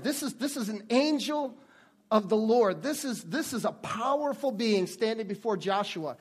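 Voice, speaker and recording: High-voiced guy preaching, earnest, lots of stop-and-start restarts. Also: big pitch swings, slightly rough. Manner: earnest, halting with frequent restarts. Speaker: pastor. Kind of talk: sermon.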